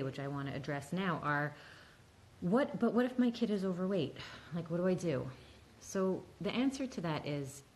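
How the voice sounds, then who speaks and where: A woman's voice: sits low, a little hiss or hum, low-quality recording. A woman counselor giving a casual, emphatic talk, often saying "like" and "right?". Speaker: mental health counselor.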